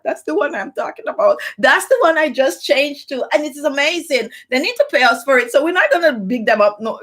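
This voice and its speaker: A woman's voice: a little high, fairly bright tone. A middle-aged woman hosting a live beauty stream, tired and chatty, greeting viewers by name and rambling in a personal way with lots of fillers.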